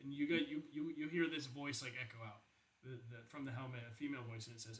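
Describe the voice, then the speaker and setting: A man's voice: mid-range voice, level tone, fast, a bit bright, rough recording. A man narrating as game master for a tabletop game, hesitant, with lots of restarts. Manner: hesitant, full of fillers and restarts.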